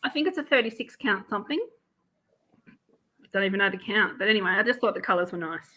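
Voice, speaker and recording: Bright lively woman. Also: medium pitch, quick pace, poor audio. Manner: chatty, laughs easily. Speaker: co-host. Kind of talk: casual chat.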